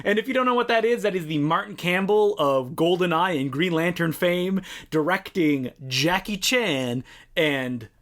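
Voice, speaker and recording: A man's voice: high-pitched, fairly quick, few pauses, a bit bright. A man co-hosting a film podcast, chatting casually and animatedly, laughing often and acting out quotes. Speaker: podcast co-host.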